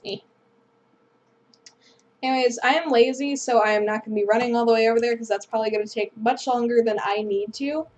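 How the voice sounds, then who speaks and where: Woman doing casual game commentary, rambly and apologetic, higher voice. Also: fairly quick, darkish tone, muffled recording. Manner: rambling, self-deprecating, apologetic. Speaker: gaming video host.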